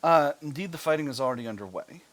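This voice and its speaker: A man with an American accent, hosting a gaming video, who reads in-game narration aloud in a measured way and breaks off into offhand commentary. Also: on the high side, expressive, a bit bright. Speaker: gaming channel host. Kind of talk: reading game text aloud with let's-play commentary.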